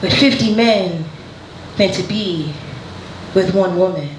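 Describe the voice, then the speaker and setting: A woman's voice: lowish voice, slow. A woman voicing a stern, conservative Christian Haitian mother, with a put-on Haitian accent and a blunt, warning delivery. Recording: echoey room with background noise.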